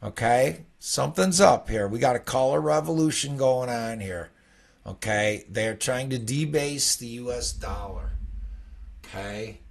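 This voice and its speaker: Gravelly-voiced man, middle-aged, casual trading teacher; rambling chart talk, constant "okay?" check-ins. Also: mid-range voice, expressive, measured pace. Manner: rambling, conversational, peppered with "okay?". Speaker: futures trading educator.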